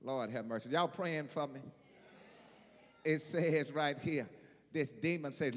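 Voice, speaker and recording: A man preaching an emphatic sermon, repeating phrases and building to shouted peaks. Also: on the high side, slow pace, long pauses, in a large hall. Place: church.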